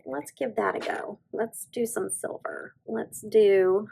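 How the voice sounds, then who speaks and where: A woman's voice: medium pitch, slow pace, gravelly, few pauses, dark tone, slightly rough, low-quality recording. A woman, chatting casually through a nail stamping tutorial and gushing to her viewers as she works. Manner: bubbly, gushing, talks to viewers as "you guys". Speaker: beauty vlogger.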